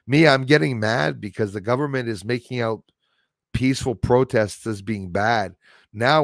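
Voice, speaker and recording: A man's voice: on the low side, creaky, no echo, clean studio sound. A man hosting a livestream, rambling animatedly through viewer comments with many restarts and a tagged-on "eh?". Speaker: livestream host.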